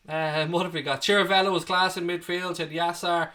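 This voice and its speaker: A fan channel host, chatting casually on a live stream. His voice is bright and forward and sits a little high for a man. He reads out viewer messages and answers them with cheeky banter and a bit of swearing. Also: level tone, moderate pace. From Ireland. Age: 30s. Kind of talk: casual livestream chat.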